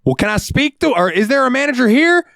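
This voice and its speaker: A man putting on a shrill, entitled old woman customer. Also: very animated, quick pace, creaky, a bit bright, no echo, studio quality, full character voice. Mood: indignant. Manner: shrill, indignant whine. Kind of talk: comic impression in a story.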